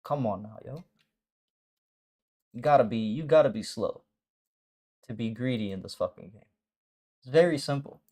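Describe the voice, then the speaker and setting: With a mid-range, darkish voice, a forex mentor runs a live trading stream at a normal speed, pausing often. He addresses viewers directly in a casual, blunt manner, cursing, using slang and repeating brief phrases for emphasis.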